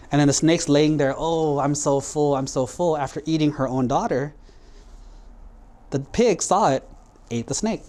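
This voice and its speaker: A man's voice: mid-range voice, warm tone. A man, a Buddhist monk, telling a moral story to children in a casual, conversational way. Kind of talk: storytelling sermon for kids.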